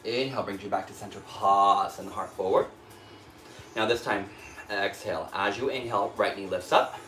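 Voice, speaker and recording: In a yoga studio, a male instructor with an American accent cues breath and poses at a moderate pace, performing the flow alongside his class and sounding breathy and a touch out of breath. His fairly low voice carries in an echoey room over faint music, and the recording is rough.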